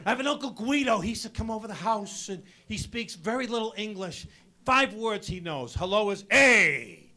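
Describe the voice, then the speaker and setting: A man doing stand-up comedy on stage, loud and punchy, talking to the crowd as folks. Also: sits high, animated, normal speed. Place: stage before a live audience.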